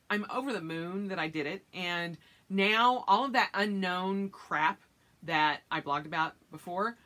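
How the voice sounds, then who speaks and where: A woman vlogger telling a story in casual chat, acting out her own reactions with sudden high yelps. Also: pushed and bright.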